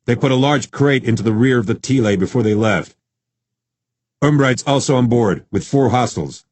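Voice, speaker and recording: Man voicing a crisp tactical coordinator, brisk reports, husky voice. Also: mid-range voice, darkish tone, dry recording, pitched above the performer's own voice, natural voice.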